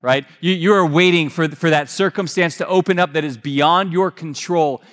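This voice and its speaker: A man pastor preaching a sermon, earnest and emphatic, rising in pitch when he presses a point. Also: fairly bright tone. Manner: fast-paced delivery. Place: church sanctuary. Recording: long reverb of a large hall.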